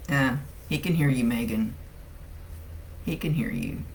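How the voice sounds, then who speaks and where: A woman talking through a live psychic reading in a relaxed, chatty way. Her voice carries a gravelly fry, and she laughs often. A faint noise sits under her voice. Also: extremely low pitch, measured pace. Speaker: psychic medium. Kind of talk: live-streamed reading, casual chat.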